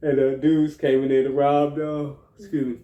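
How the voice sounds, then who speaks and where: A man casually retelling film scenes to his co-host, animated and a bit profane, acting out lines. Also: fairly high pitch, moderate pace, reverberant, dull audio. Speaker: movie review co-host. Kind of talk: casual chat.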